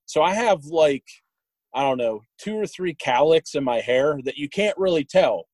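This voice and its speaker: A man's voice: on the high side, lively intonation, normal speed, darkish tone, no room sound, low-quality recording. A young man casually telling rambling stories about an old friend, chuckling along the way. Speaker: guest sharing memories. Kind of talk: casual storytelling.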